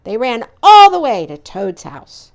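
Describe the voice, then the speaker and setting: A woman reading a children's picture book aloud in an expressive, animated way. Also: fairly high pitch, a little slow. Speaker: storyteller.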